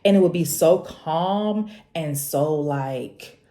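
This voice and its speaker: A young woman, talking to camera in a casual, preachy, animated way and laughing often. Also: slow pace. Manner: animated, preachy, laughs often, jumps high when quoting herself. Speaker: vlogger. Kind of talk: casual confessional talk to camera.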